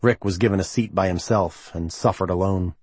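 A man narrating a novel as an audiobook reader, in a measured, even storytelling manner. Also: deep voice, slightly rough, dry recording. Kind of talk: scripted narration.

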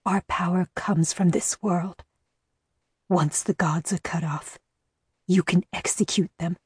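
A woman voicing a frail, dying female oracle in a soft, strained, airy whisper, slow and solemn. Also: fairly low pitch, slightly rough, no room sound, clean studio sound, heavily acted. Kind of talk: audiobook narration.

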